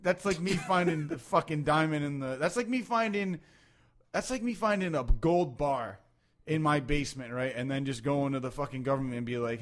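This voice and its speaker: A man co-hosting a podcast, talking about movies in a loose, animated way, with lots of swearing and laughter. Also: fairly high pitch, moderate pace. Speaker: podcast co-host. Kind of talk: casual chat about movies.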